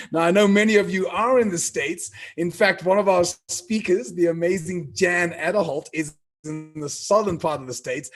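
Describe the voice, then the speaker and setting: Man, 50s, from South Africa, event host, playful, high-pitched, husky. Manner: playful, animated, storytelling, asks the audience to join in. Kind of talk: energetic live event hosting.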